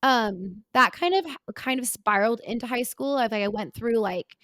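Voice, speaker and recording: Young woman talking candidly, high voice. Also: sharp tone, dry recording. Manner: halting, heavy on filler words, earnest. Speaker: podcast co-host. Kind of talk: candid personal conversation.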